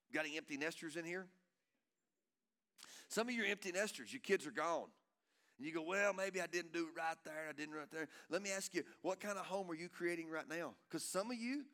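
A man preaching a sermon in a church, swinging between loud urging and hushed tenderness and calling out to the congregation with repeated phrases. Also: on the high side. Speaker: pastor. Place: church sanctuary.

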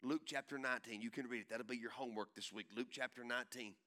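A male pastor preaching a sermon in an emphatic, folksy way, repeating phrases and building up to shouts. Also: mid-range voice, steady tone, fast. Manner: emphatic, repetitive, swells into shouting; folksy and country in tone.

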